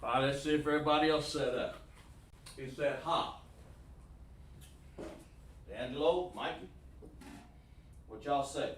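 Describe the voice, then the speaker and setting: A man teaching a casual class at a whiteboard, talking in a relaxed, folksy way and often repeating himself as he addresses students directly. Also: fairly high pitch, a little slow, pauses often, slight background noise. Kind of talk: casual classroom lesson streamed online. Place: room with a whiteboard. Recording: echoey room, speaker far from mic.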